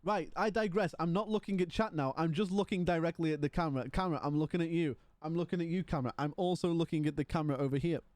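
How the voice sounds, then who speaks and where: A man's voice: fairly high pitch, fast talker, few pauses, a little mellow, dry recording. A man livestreaming from home, chatting casually and rambling while yawning and tired. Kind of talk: casual stream chat.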